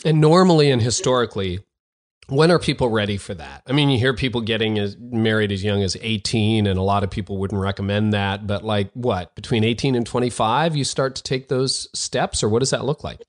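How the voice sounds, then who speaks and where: A man's voice: fairly low pitch, a little fast. A man in his forties hosting an interview, asking long, winding questions in a friendly way. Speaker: podcast host. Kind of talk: interview conversation.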